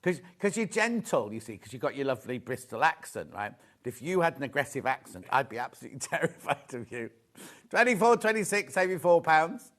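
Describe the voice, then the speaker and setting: A man's voice: a little high, sing-song, a little fast, a bit bright. A middle-aged man hosting a live sewing shopping show, gushing over fabrics and teasing the crew in chatty banter. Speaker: shopping channel host. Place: TV studio.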